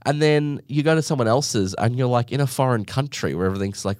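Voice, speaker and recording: A man's voice: mid-range voice, animated, quick pace, few pauses, a little mellow, dry recording, clean studio sound. A man hosting a podcast, telling comic stories in a rambling way, full of asides and jokes at his own expense. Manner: rambling, with many asides and self-mocking jokes. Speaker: podcast host. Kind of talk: casual comedic storytelling monologue.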